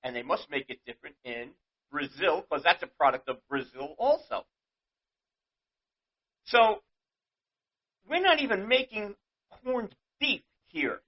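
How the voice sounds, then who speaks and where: A man's voice: on the high side, expressive, a little slow, long pauses, muffled recording. A man with a New York accent, hosting his own show and ranting in an indignant, exasperated, rambling way. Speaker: show host. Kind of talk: ranting monologue.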